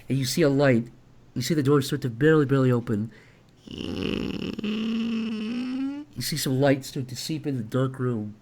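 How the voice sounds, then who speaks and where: This streamer and animator has a medium-pitched, dark-toned voice. Drawing on his live stream, he chats in a loose, crude way and reads donations aloud.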